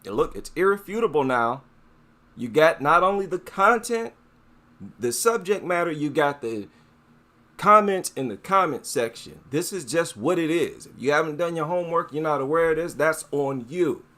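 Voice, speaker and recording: A man hosting a casual monologue commentary, talking in a slow, deliberate way with filler words and repeated phrases. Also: lively intonation, fairly bright tone. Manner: drawn-out emphasis, rising pitch on stressed points. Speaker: commentary channel host.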